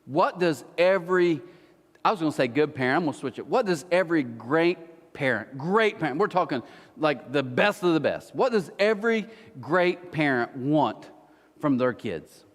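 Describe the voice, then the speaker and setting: In a big church auditorium with long hall reverb, a male pastor preaches, teasing his congregation and spinning jokey tales. His voice is a little high and very animated, at a normal speed.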